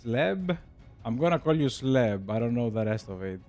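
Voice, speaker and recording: A man's voice: medium pitch, expressive, normal speed, a little mellow, soft background music. A young man from Greece with a Greek accent, streaming a strategy game and chatting casually with viewers, laughing often. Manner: chatty, laughs often, addresses chat as "bro". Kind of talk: casual chat while gaming.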